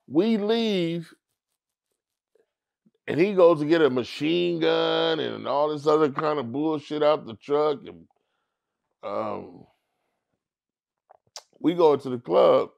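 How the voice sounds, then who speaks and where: A man's voice: takes it slowly, creaky, long pauses, lo-fi sound. A middle-aged man, a comedian, telling a story casually in an interview and acting out the other people in it. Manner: animated storyteller who acts out others in high squeaky voices. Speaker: comedian guest.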